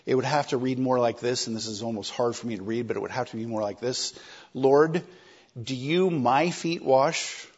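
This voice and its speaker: Husky conversational male preacher. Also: medium pitch, fast talker, few pauses, dull audio. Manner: animated, conversational, acts out quoted lines. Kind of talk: sermon.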